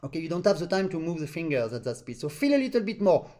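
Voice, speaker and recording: A man's voice: fairly high pitch, very animated, quick pace, dark tone. A man, teaching accordion technique over a video call. He explains patiently and sings out rhythms in short syllables to demonstrate. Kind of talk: online master class instruction.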